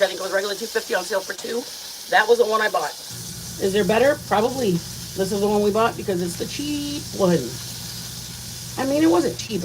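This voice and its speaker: Chatty woman cooking over loud sizzle. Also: medium pitch, background noise. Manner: chatty, excitable, talks straight to viewers. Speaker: home cooking vlogger. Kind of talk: casual cooking chat. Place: home kitchen. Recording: kitchen with loud frying and sizzling.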